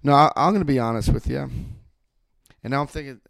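A man telling a personal story to a group, acting out both sides of a remembered conversation and swinging between loud lines and hushed asides. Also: mid-range voice, a little fast, vocal fry, dry recording, clean studio sound. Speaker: recovery speaker sharing his story. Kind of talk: storytelling talk.

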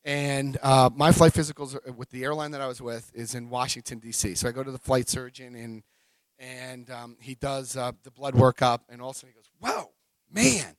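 A man in his forties speaks to a large audience. He tells a personal recovery story with energy, acting out the voices of the people in it and whooping at its high points. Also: level tone, a little fast, clear, resonant tone, no echo. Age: 40s. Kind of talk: live talk to an audience.

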